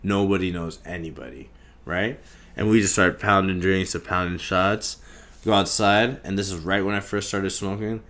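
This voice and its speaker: A young man hosting a podcast, telling a story in a casual, profane, animated way and acting out the scenes. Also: low voice, normal speed. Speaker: podcast host.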